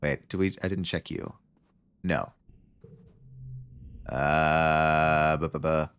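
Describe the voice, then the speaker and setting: A man's voice: extremely low pitch, fairly even intonation, takes it slowly, a bit bright, smooth. A man streaming a story game, reading its text aloud with playful asides.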